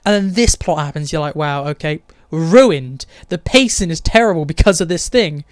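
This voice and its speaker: A man's voice: high-pitched, expressive, a little fast, no echo, studio quality. A man giving a blunt, opinionated and sarcastic casual review of a TV episode. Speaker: TV show reviewer.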